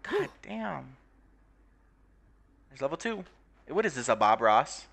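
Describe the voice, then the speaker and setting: A man's voice: mid-range voice, very animated, slow pace, vocal fry, a crowd in the background. A young man giving casual, profane commentary on a life-simulation game, laughing often and putting on mocking voices. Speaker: gaming video creator.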